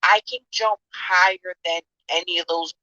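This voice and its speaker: A woman's voice: on the low side, fairly even intonation, moderate pace, sharp tone, dry recording, highs cut off. A woman in a casual chat, telling stories in an emphatic, playful way. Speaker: chat room participant.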